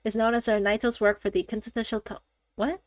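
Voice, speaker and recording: A woman streamer chatting casually during a game, rambling and animated, laughing often and swearing freely. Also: on the high side, fast, dry recording. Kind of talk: casual gaming-stream chat.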